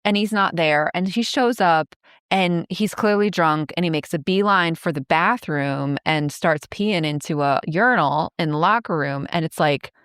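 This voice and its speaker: A woman in her fifties talks through a film's plot in loose, chatty podcast style, full of "like" and quick laughs. Her voice sits a little low. The sound is dry and close, with no room behind it. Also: fairly bright tone, smooth, no room sound. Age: 50s. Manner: chatty, many likes, laughs while retelling scenes. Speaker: podcast co-host. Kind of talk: casual movie recap chat.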